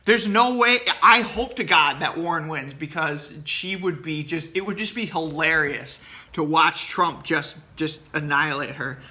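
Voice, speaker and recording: A professor rambles to his class in loose, casual commentary, blunt and opinionated, laughing at his own jokes. He is full of fillers, false starts, and restarts. His unhurried voice sits high for a man and has a very sharp, cutting edge.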